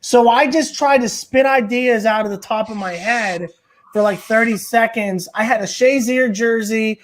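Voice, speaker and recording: A man's voice: extremely high pitch, normal speed, a little hiss or hum. Male comic guesting on a talk podcast, loose rambling delivery, swears freely, lots of filler words. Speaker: podcast guest, stand-up comedian. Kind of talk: casual storytelling chat.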